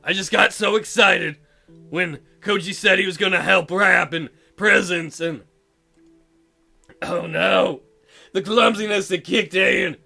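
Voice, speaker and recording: A man's voice: high voice, steady tone, takes it slowly, creaky, bright, forceful tone, soft background music, heavily acted. A man voicing a clumsy, tearful young woman Santa in a visual novel, wailing and full of self-pity. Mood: despairing. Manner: sobbing, wailing and self-pitying. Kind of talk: reading a visual novel aloud.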